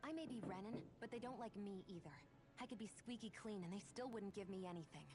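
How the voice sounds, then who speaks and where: A woman's voice: medium pitch, fast talker, close to an everyday voice. A woman voicing a cool, dry-witted young woman in a dubbed video game cutscene, matter-of-fact in tone. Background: game music.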